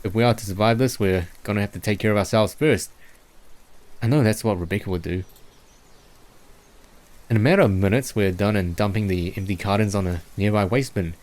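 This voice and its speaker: A man's voice: lowish voice, brisk, long pauses, a little mellow. A young man from New Zealand with a Kiwi accent tinged with Chinese, reading a visual novel aloud on stream and stumbling over words as he goes. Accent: New Zealand mixed with Chinese.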